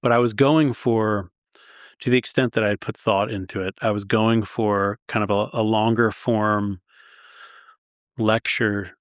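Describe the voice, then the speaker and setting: A man from Long Island with a somewhat low voice, telling stories as a guest historian. He is enthusiastic and pokes fun at himself. The recording is dry and close to the mic. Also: fairly even intonation, unhurried, no echo. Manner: self-deprecating, enthusiastic storyteller. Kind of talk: conversational storytelling.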